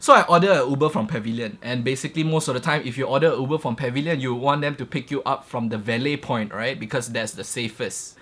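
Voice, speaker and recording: A young man with a Malaysian English accent, ranting in a vlog and jumping between loud outbursts and low asides. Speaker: vlogger. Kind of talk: animated rant vlog.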